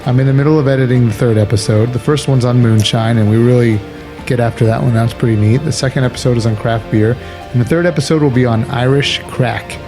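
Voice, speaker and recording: A man's voice: mid-range voice, fast talker, music in the background. A man co-hosting a podcast in casual chat, laughing often and rambling with restarts. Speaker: podcast co-host.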